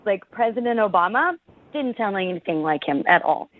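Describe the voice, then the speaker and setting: A woman's voice: mid-range voice, expressive, fairly quick. A young woman on a phone call, talking hesitantly and giggling about a bad date. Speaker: caller. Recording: tinny phone line.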